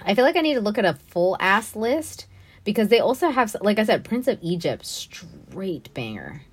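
Giggly woman cohost chatting, voice swings all over, middle pitch. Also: moderate pace, breathy edge. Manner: giggly, animated banter. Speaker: podcast co-host. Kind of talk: casual chat.

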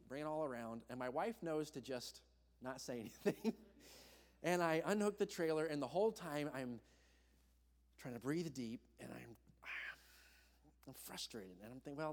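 A young man preaching, telling a personal story in an animated way and acting out the voices of the people in it. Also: mid-range voice. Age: young adult. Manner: animated, acts out voices in his stories. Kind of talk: storytelling sermon. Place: church hall. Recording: long hall reverb.

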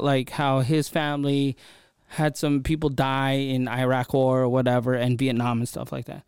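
A man hosting a podcast, telling a story in a casual, animated way and often checking in with his listener. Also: medium pitch, normal speed, clean tone, dry recording, studio quality. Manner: animated, chatty, frequent "right?" check-ins. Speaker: podcast host.

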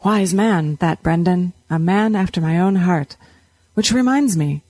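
A woman's voice: fairly low pitch, unhurried, a little mellow, no echo. A woman voicing a plump, jovial, stubborn middle-aged wheelwright with folksy, old-fashioned rural speech. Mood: genial.

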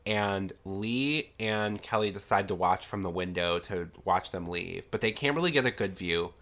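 A man's voice: low voice, normal speed, fairly bright tone. A young man hosting a podcast, casually recapping a horror film in a chatty, sarcastic way, congested from a sinus infection. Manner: chatty, sarcastic, heavy use of "like". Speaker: podcast host.

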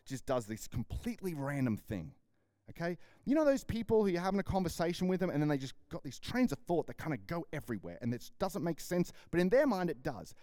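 A man with an Australian accent preaching a sermon in a lively, conversational way, often repeating words and acting out dialogue. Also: fairly high pitch, no room sound, clean studio sound. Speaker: pastor.

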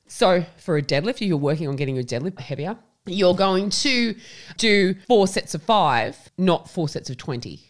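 Aussie woman on a podcast, swears a lot, laughs, voice jumps all over the place. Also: lowish voice. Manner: swears constantly, laughs often, storytelling; animated, fast bursts. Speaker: podcast co-host. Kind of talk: casual chat.

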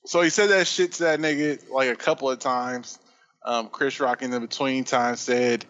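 A man's voice: medium pitch, fairly even intonation, moderate pace, fairly bright tone. Guy on a podcast rambling thru a story, cursing a lot, kinda dull audio. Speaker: podcast co-host. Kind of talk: casual podcast chat.

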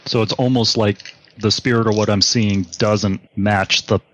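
A man playing a tabletop game, speaking in short, measured replies, in and out of character. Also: lowish voice, steady tone, fairly bright tone, dry recording. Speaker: player.

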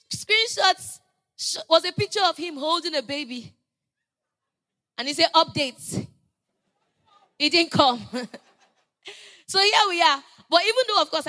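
A woman preaching a sermon, telling stories conversationally and building to loud, emphatic proclamations. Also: sits high. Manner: conversational storytelling with playful asides.

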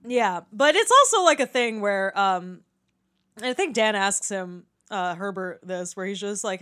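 A woman's voice: medium pitch, lively intonation, a little slow, a bit bright, smooth. A woman in a casual movie discussion, chatty and swearing freely, laughing often and acting out quoted lines. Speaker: podcast co-host.

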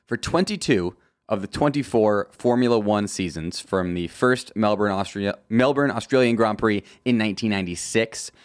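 A man with a fairly low voice hosts his own podcast, reading prepared notes with quick joking asides. The sound is close and dry, with no room around it. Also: dry recording. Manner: jokey, self-deprecating asides in a steady read. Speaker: podcast host. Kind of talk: scripted solo podcast talk.

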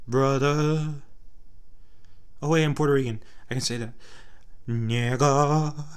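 A young Texan vlogger with a Texas twang chats loosely to camera, rambling and swearing as he talks to his viewers. His voice is mid-range and very fast.

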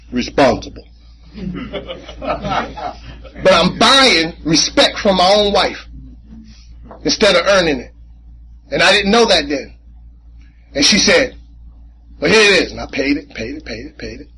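Animated high-voiced man telling his story. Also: normal speed, pauses often, slight background noise, low-quality recording. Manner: animated, conversational, repeats himself, casual slang. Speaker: recovery meeting speaker. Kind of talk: personal testimony storytelling. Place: meeting room.

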